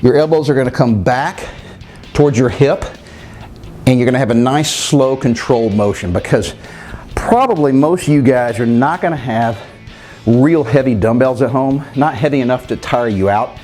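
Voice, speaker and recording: A man's voice: medium pitch, normal speed, a little mellow, soft background music. A man giving workout instructions, talking straight to viewers and counting reps aloud, winded between sets. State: winded while exercising. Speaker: fitness trainer.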